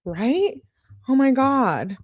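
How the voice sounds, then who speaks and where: A woman's voice: high-pitched, big pitch swings, extremely slow, no echo, highs cut off. A woman hosting a true crime video, chatting casually and tossing out asides as she reacts to viewers' comments. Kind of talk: casual commentary, reading text messages aloud.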